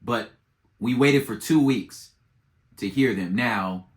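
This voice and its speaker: A man hosting a podcast who gives casual political commentary in slangy, animated storytelling and acts out both sides. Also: medium pitch, slow pace. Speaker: podcast host.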